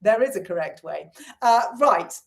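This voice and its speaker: A woman's voice: mid-range voice, animated, normal speed, gravelly. Woman, middle-aged, chatty live stream host, casual swearing. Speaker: livestream host. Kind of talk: casual live chat reading comments.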